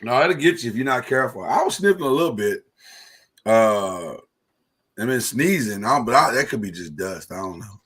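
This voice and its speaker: A man's voice: medium pitch, normal speed, slightly rough, poor audio. A man co-hosting a podcast in casual chat, joking. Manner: playful, animated, jokey preacher-style delivery. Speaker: podcast co-host. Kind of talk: casual chat with mock church-service banter. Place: podcast studio.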